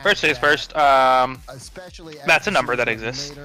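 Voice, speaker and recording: A man with a bright, forceful tone jokes and chats loosely with his co-hosts. His casual banter runs over faint music in the background. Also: medium pitch, a little slow. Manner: chatty, joking banter. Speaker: watch-party co-host. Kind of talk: casual chat.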